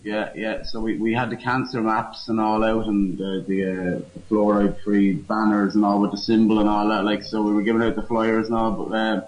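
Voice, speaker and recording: A man, a guest speaking casually and haltingly with many fillers. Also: lowish voice, little pitch movement, low-quality recording. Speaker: guest campaigner. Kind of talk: casual phone interview.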